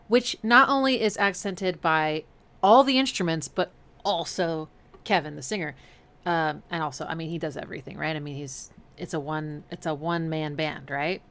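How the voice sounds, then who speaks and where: A woman's voice: low-pitched, normal speed, a bit bright. A woman hosting a music livestream, analyzing songs in an enthusiastic, chatty way and scatting rhythms aloud. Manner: chatty with frequent fillers. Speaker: music reaction streamer.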